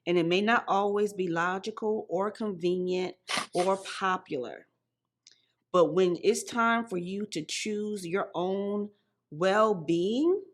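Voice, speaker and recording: A woman podcast host speaking in a measured, affirming way. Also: medium pitch. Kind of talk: reflective encouraging talk.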